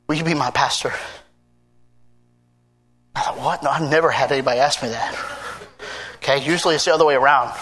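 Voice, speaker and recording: A man with an American accent, preaching a sermon and telling a story from his ministry in a quiet, confiding way. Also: a little high. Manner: energetic, shouting and laughing in an acted-out pancake run. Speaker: pastor. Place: church service with a congregation.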